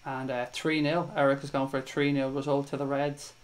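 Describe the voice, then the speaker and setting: An Irish man runs a live fan stream, brisk and fairly flat in a medium pitch, casually reading viewer comments, calling people mate and swearing freely. The recording quality is low.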